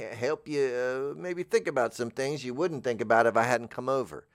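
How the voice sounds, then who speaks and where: A man's voice: medium pitch, normal speed, hardly any pauses, no echo, clean studio sound. A man in a rambling comedic monologue, drifting through absurd, meandering trains of thought. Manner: talks over background music. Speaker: comedic character host.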